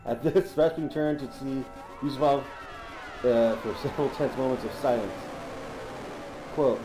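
A man's voice: medium pitch, moderate pace, mellow, echoey room, soft background music, poor audio. A man co-hosting a podcast, reading a story aloud with frequent laughs and stumbles. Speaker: podcast co-host.

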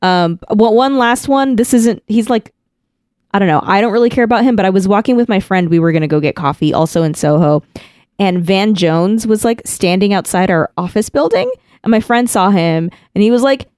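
A woman's voice: mid-range voice, animated, fairly quick, darkish tone, clean tone, no echo, clean studio sound. A woman co-hosting a podcast, chatting casually, telling a rambling story with lots of "like" and restarts. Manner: chatty storyteller, heavy use of "like", frequent restarts. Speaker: podcast co-host. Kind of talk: casual chat.

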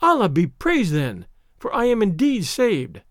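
A man's voice: high-pitched, huge pitch swings, unhurried, no room sound, clean studio sound, voice pushed up, full character voice. A man reading aloud and voicing a young captive Arab woman who speaks in a breathless, pleading way. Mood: excited.

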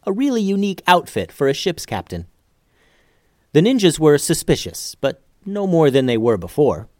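A man narrating an adventure storybook in a steady, measured way. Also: a little high, dry recording, clean studio sound.

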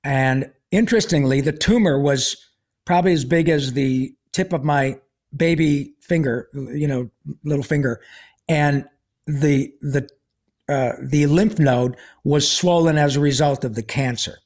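A man's voice: on the high side, a little slow, a little mellow. A man telling a personal story as a podcast guest in a casual, rambling way, full of fillers and restarts and with a wry sense of humor.

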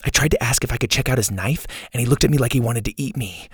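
A man's voice: mid-range voice, fast talker, slightly rough, no echo, clean studio sound. A man voicing a nervous young camp boy who loves dinosaurs, in an audiobook. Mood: flustered.

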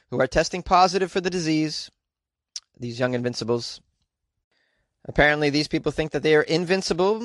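A man's voice: medium pitch, dry recording. A man from California giving casual news commentary, sarcastic and incredulous, with rambling asides. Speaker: commentary host.

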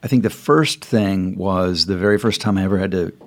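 A man's voice: deep voice, fairly quick. An older man from Ohio, the guest on a podcast, chatting casually and swearing now and then. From Dayton, Ohio. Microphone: headphones on, studio mic.

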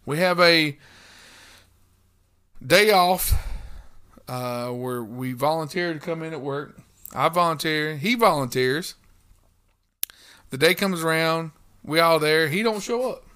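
Man, casual storyteller, slightly high and bright voice, swears freely, acts out quotes. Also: slow, pauses often, clear, resonant tone. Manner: profane, animated storytelling with quoted dialogue; lively retelling, rambling with restarts. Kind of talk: casual chat.

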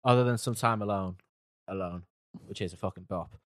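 Low-voiced male co-host, mumbling softly, dry close sound. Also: brisk, dry recording. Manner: hesitant, trailing off, mumbling softly. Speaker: podcast co-host reviewing music. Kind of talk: casual chat.

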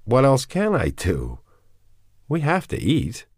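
A man's voice: mid-range voice, wildly swooping pitch, slow, a little mellow, slightly rough, no room sound, studio quality, pitched above the performer's own voice, full character voice. A man reading aloud voices a worried young husband and father who is anxious but reassuring.

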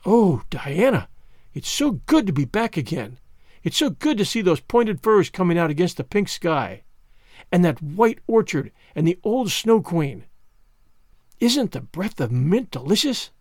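A man's voice: high voice, no echo, studio quality, full character voice. A man voicing an eager, dramatic teenage girl student, talking earnestly and effusively. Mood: joyful. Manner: earnest, effusive, quick when excited.

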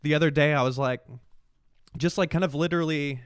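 A man's voice: fairly high pitch, steady tone, brisk, smooth, no room sound. Man, podcast co-host, teasing, crude jokes, casual, dry close sound. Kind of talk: casual chat.

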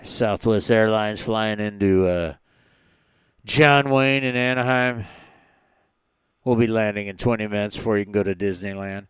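A man doing the voice of an airline pilot making a cabin announcement, drawling slowly with many pauses. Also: on the low side, clear, resonant tone, no room sound, pitched below the performer's own voice, lightly acted. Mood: deadpan announcing. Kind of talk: comic impression on a sports talk show.

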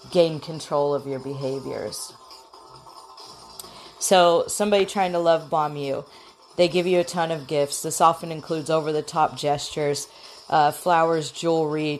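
Low-voiced woman hosting a casual talk. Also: a little mellow. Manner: chatty, frank, acts out quoted lines. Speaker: podcast host.

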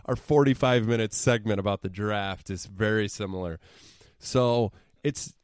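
A man's voice: fairly low pitch, moderate pace, dry recording, studio quality. A young man on a podcast, recapping a movie in a sarcastic, profane, storytelling way. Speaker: podcast co-host.

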